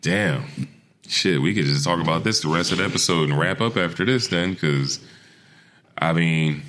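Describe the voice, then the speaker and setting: A young man with a very deep, low-pitched voice co-hosts a casual podcast. He talks in a laid-back, profane way and jokes around freely. His delivery is loose and conversational. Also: normal speed, a bit bright, slight background noise. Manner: laid-back, profane, joking, breaks into laughs and mimicry. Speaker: podcast co-host.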